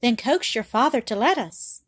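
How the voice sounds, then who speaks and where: A woman's voice: a little high, expressive, normal speed, no room sound, studio quality. A woman voicing an eager, spirited girl. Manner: eager, half indignant. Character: eager, lively girl, quick to take offense.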